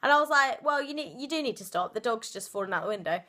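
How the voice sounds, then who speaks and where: Bright-voiced young woman. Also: a little high, animated, fast talker. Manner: chatty and giggly, lots of "like" fillers. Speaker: vlogger. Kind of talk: casual storytime chat.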